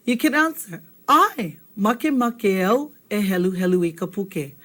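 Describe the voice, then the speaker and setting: A woman's voice: mid-range voice, lively intonation, moderate pace, hardly any pauses, fairly bright tone. Patient woman teaching a language lesson. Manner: patient, repetitive, checks in with "okay?". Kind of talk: classroom-style language lesson.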